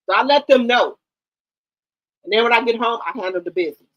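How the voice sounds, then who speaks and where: Blunt, high-voiced woman streamer. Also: brisk, pauses often, highs cut off. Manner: blunt, emphatic, repeats herself. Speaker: livestream host. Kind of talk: casual chat to viewers.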